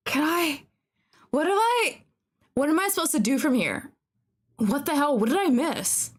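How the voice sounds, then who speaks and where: A woman's voice: sits high, lively intonation, takes it slowly, pauses often. A woman streamer giving casual gameplay commentary, anxious and exclaiming, often pleading with the game. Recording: clear background music.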